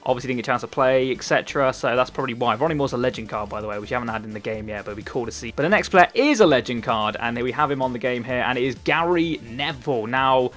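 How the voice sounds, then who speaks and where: A man's voice: medium pitch, fast talker, few pauses, fairly bright tone, faint music behind. A man in his twenties with a Cornish accent, giving casual, chatty gameplay commentary and rambling with frequent ums and repeated words. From Cornwall, England. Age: 20s. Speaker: gaming YouTuber.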